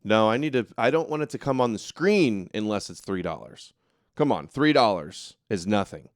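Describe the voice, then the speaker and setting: A man's voice: on the low side, animated, moderate pace, no room sound, studio quality. A man hosting a casual political commentary livestream, talking in a sarcastic, mocking way, reading viewer comments aloud and ranting indignantly. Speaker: livestream show host.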